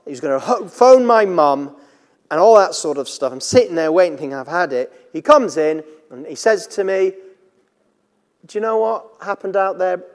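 A man's voice: a little high, animated, moderate pace. A man preaching a sermon in an earnest, conversational way, weaving in personal stories. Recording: long reverb in a large hall.

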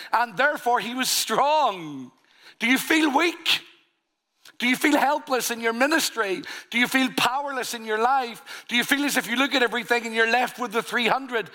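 A man's voice: extremely high pitch, sharp tone. A man preaching a sermon, earnest and full of rhetorical questions. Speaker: pastor.

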